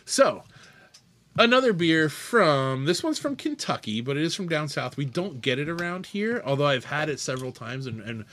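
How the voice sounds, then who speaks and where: A man co-hosting a casual chat, telling stories in an animated, excitable way. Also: on the high side, moderate pace. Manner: animated storyteller. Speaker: podcast co-host.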